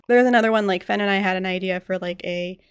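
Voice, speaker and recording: A woman hosting a podcast in casual chat, chatty and quick to laugh, often trailing off and restarting her sentences. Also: medium pitch, clean tone, no room sound. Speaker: podcast host.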